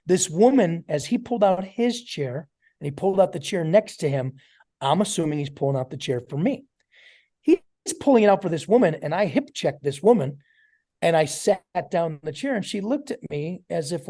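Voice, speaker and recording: Middle-aged new guy, motivational story talk to his team, acts out the voices, warm mellow tone. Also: on the high side, fairly quick. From New York. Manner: animated storyteller acting out dialogue. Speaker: network marketing trainer.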